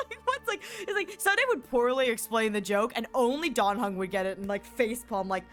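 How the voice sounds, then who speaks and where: A woman's voice: on the high side, expressive, fairly quick, faint music behind. A woman streamer chatting casually as she plays, rambling and giggling with plenty of fillers. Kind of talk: casual chat while gaming.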